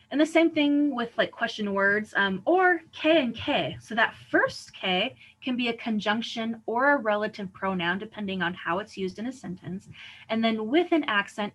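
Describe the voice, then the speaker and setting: A woman's voice: mid-range voice, fairly bright tone, poor audio. A woman teacher giving a recorded lesson, explaining patiently and often checking in with "right?" and "okay?". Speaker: Spanish teacher.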